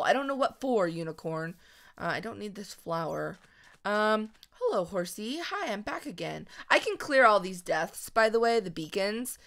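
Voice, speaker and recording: A young woman giving chatty, excitable commentary on her own gameplay, gasping and squealing at surprises. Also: mid-range voice. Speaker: gaming video host.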